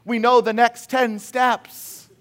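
A middle-aged man preaching a sermon as pastor, animated, acting out quotes with big swings in volume. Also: extremely high pitch, slow.

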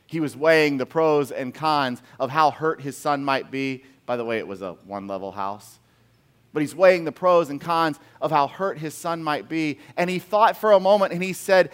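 A middle-aged man preaching a sermon as pastor, animated, acting out quotes with big swings in volume. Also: mid-range voice, moderate pace, clear, resonant tone.

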